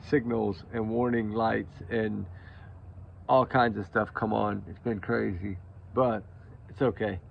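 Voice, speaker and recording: A man's voice: lowish voice, creaky, lo-fi sound, a little hiss or hum. A tired man hosting his own channel, rambling emphatically and repeating himself as he shares opinions with viewers. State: exhausted from lack of sleep. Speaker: true crime commentary channel host. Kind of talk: casual opinion monologue to viewers.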